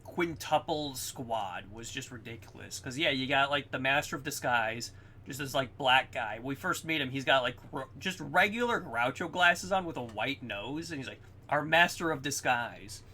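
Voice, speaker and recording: A young man co-hosting a podcast in casual chat, excitedly recapping scenes, swearing often and acting out quotes. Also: medium pitch, moderate pace. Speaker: podcast co-host.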